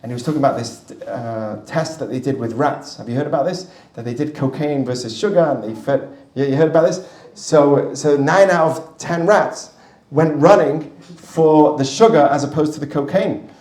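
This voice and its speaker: A male rabbi teaching a class with a live audience, chatty and storytelling, with quick asides to the listeners. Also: fairly high pitch, darkish tone. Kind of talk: lively classroom teaching with anecdotes. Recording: roomy distant mic in a hall.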